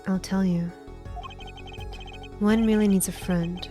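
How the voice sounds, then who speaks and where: A woman voicing a suave, calm male lawyer from a game, speaking smoothly and slowly. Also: mid-range voice, faint music behind, lightly acted. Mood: sly.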